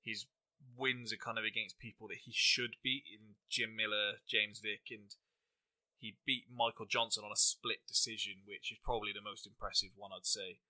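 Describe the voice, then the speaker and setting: A man's voice: fairly low pitch, fairly even intonation, normal speed, bright, forceful tone. A young English man hosting a podcast, rambling through funny anecdotes and fight picks with a casual, laughing delivery. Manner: rambling anecdotal storyteller, laughs while talking. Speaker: podcast host. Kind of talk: casual chat and fight predictions.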